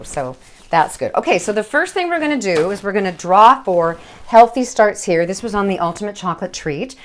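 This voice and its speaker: Woman, cooking show host, bubbly, chatty, mid pitch, faint noise. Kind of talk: live cooking show chat.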